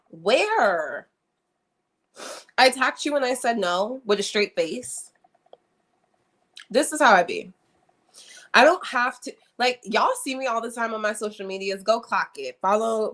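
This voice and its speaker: A woman's voice: medium pitch, expressive, normal speed, long pauses, fairly bright tone. A young woman chatting frankly and animatedly to viewers on a livestream, often repeating herself for emphasis. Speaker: livestream host. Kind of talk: casual livestream chat. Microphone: streaming setup.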